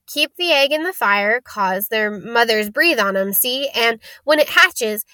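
A woman's voice: fairly high pitch, pushed and bright, no echo. A woman reading aloud, voicing a big, friendly, secretive male groundskeeper with folksy, clipped speech.

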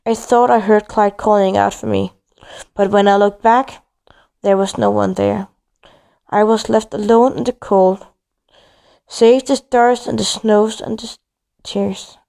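A woman's voice: mid-range voice, steady tone, measured pace, creaky, pauses often, dark tone. A woman reading a first-person story aloud, stumbling and restarting now and then. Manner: reads with frequent slips and restarts.

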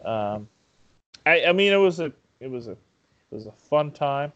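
A young man and podcast host in casual chat, telling stories with swearing and laughter and jumping up in pitch when he acts out his fright. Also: very animated, normal speed, fairly bright tone, lo-fi sound.

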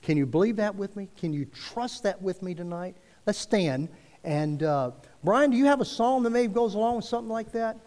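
Lively high-voiced preacher in reverberant church. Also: male voice. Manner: earnest, preacherly rises and drops, slow emphatic phrasing. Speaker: pastor. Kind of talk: sermon. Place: church sanctuary. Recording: long reverb of a church hall.

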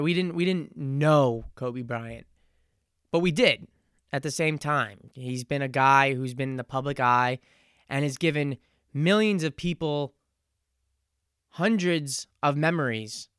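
A man in his twenties hosting a solo podcast, talking in an earnest, reflective and halting way. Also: a little high, a bit bright, clear, resonant tone, no echo, clean studio sound. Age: 20s. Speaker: podcast host. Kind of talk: casual solo podcast monologue.

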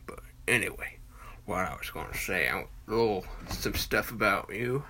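A man's voice: lowish voice, animated, moderate pace, sharp tone. Folksy Southern man in his forties. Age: 40s. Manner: rambling, hesitant, with many fillers and restarts; folksy country talk. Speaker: podcast host. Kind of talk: casual rambling monologue.

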